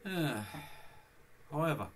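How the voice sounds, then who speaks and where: A man's voice: a little high, expressive, slow, slight background noise. Rambling, chatty man vlogging. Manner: rambling, chatty, addressing viewers. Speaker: Linux vlogger. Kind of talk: casual screencast vlog.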